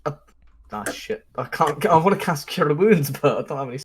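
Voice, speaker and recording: A young man playing a tabletop game, excitable, laughing and swearing often. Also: fairly high pitch, a little fast, a little hiss or hum. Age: young adult. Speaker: player. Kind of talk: casual game chat.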